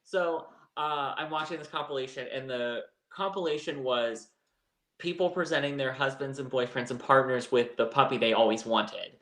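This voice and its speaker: A man's voice: medium pitch, moderate pace, fairly bright tone, reverberant. A man co-hosting a live chat show, telling a personal story in a candid, rambling way. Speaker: co-host. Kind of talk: casual chat.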